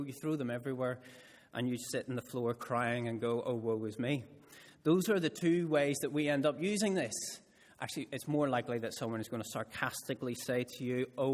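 A male preacher with a mid-range voice delivers his sermon with storyteller's expression. He leans into important phrases by drawing them out slowly. His voice rings out with a long reverb tail through a church hall. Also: mid-range voice.

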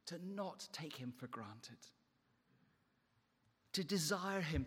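Male preacher, slightly high voice, emphatic rise-and-fall sermon delivery, long church reverb. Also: fairly bright tone, breathy edge. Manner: emphatic, rising and falling delivery.

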